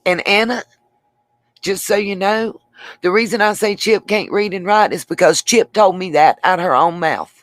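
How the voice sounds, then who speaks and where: Gravelly-voiced woman chatting on a livestream. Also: lowish voice, no echo. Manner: rambling, addresses viewers by name, frequent restarts. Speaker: channel host. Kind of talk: casual livestream talk answering chat.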